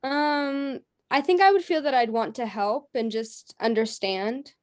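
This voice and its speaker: A woman's voice: high-pitched, unhurried. A young woman from the Northwest United States asking a question in a hesitant, tentative way. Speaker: audience member asking a question.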